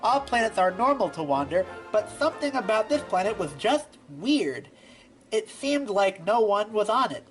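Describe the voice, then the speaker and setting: A woman reads a fan-written story aloud at a steady narrating pace. Her voice sits at a middling pitch, with faint music playing underneath. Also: moderate pace, poor audio. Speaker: fanfiction reader. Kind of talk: reading a fanfic aloud.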